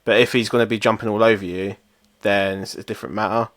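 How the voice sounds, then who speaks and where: A man's voice: lowish voice, little pitch movement, fast, fairly bright tone, dry recording. Man, young, casual podcast chat, self-mocking, dry sound. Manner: swearing, self-mocking storyteller. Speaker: podcast co-host.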